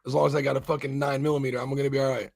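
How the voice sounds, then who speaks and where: A man's voice: mid-range voice, flat delivery, racing, gravelly, a little mellow. A man hosting a casual talk show, rambling profanely with many restarts as he argues his point. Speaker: podcast host. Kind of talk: casual chat.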